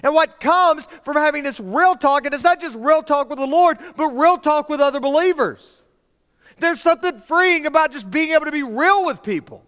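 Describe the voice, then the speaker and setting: A man's voice: very high-pitched, normal speed, fairly bright tone. A young man preaching to students, telling a personal story in a casual way full of "y'all" and "like". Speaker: youth pastor. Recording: hall reverb from a large room.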